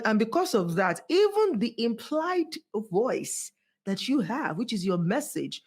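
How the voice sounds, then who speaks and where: A woman guest on a podcast, speaking as a voice coach in an animated, emphatic way, swooping high to stress her points. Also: normal speed, slightly rough. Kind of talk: motivational podcast conversation.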